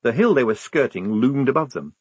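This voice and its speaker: A man narrating an audiobook with an expressive, varied delivery. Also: medium pitch, brisk, husky, dry recording. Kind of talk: scripted narration.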